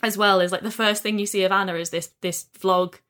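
Woman, podcast co-host, casual chat, enthusiastic, rambling fillers, mid pitch. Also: a little fast. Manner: enthusiastic, animated retelling with lots of fillers.

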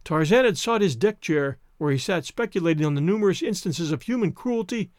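A man reading an adventure novel aloud as narrator, in a theatrical, expressive way. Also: high-pitched, brisk, dry recording, studio quality. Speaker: audiobook narrator. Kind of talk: scripted narration.

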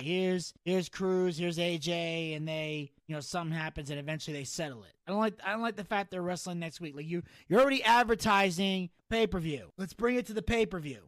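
A man's voice: high-pitched, a bit bright, dry recording, studio quality. A man hosting a podcast, recapping wrestling in casual, blunt, profane chat. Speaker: podcast host.

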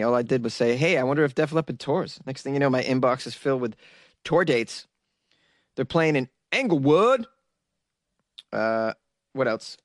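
A man's voice: medium pitch, no echo, clean studio sound. A man hosting a podcast, rambling in a chatty way, often laughing, recorded in a closet at home. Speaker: podcast host. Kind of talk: casual monologue.

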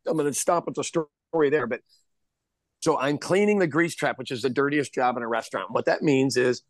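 A man's voice: mid-range voice, fairly quick, no echo. A man, a chef, telling candid, self-deprecating stories in a casual podcast chat. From Kansas City area, USA.

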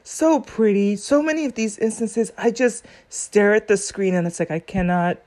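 Woman reacting to a court clip, earnest, rambling, mid-pitched. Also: normal speed, darkish tone. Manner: earnest, rambling, thinks aloud with many fillers. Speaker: commentator reacting to a court video. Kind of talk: casual commentary.

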